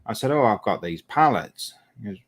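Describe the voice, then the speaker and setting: A man's voice: fairly low pitch, expressive, normal speed. A man, a lorry driver, chatting casually while painting a model and telling a rambling story, often correcting himself.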